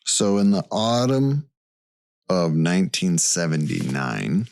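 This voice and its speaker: A man co-hosting a podcast retells a case step by step in a casual storytelling chat, checking in with "okay" as he goes. His deep voice is sing-song, gravelly and a little mellow, and he speaks slowly. There's no room sound.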